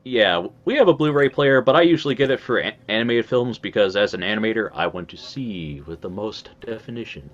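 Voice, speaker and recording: A man's voice: fairly low pitch, expressive, brisk, few pauses, lo-fi sound. A man co-hosting a podcast in casual, joking chat. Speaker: podcast co-host.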